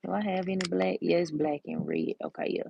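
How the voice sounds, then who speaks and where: Sassy gravelly-voiced woman in her thirties. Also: lowish voice, steady tone, fairly quick, dull audio, slight background noise. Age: 30s. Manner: chatty, sassy, storytelling with slang. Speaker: nail art vlogger. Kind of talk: casual chat while doing nails.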